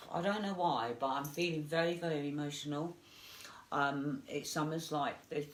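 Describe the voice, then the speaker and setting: Echoey-voiced woman giving a psychic reading. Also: deep voice. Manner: gentle, reassuring, halting with fillers. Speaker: psychic medium. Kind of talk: live-streamed psychic reading. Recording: echoey room.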